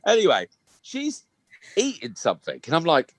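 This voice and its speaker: A man's voice: fairly high pitch, huge pitch swings, brisk, slightly rough, no echo. A man in his thirties co-hosting a podcast, telling a sweary, laughing story in casual chat. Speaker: podcast co-host.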